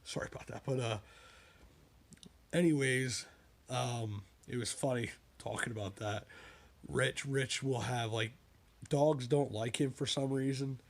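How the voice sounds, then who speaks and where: A man chatting casually about his own books, wandering off into side stories and asides as he goes. His voice sits in an ordinary middle pitch. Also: steady tone, measured pace, pauses often. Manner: rambling, with digressions and asides. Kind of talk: casual spoken monologue.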